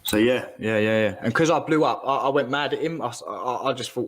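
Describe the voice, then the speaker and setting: A man's voice: medium pitch, fairly quick, hardly any pauses. A man ranting in casual chat, rambling and swearing as he gets heated.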